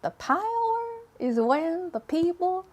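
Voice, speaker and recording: A woman putting on a deliberately bad mock-Swedish accent as an exaggerated Swedish lady. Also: extremely high pitch, sing-song, darkish tone, pitched above the performer's own voice, full character voice. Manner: slow, exaggerated, sing-song.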